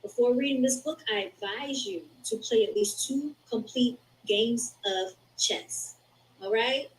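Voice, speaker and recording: A woman's voice: on the high side, a little slow, slight background noise, low-quality recording. A woman hosting her own show, chatting casually with listeners and reading passages from a book aloud over a video call. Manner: chatty, addresses listeners as y'all. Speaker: podcast host.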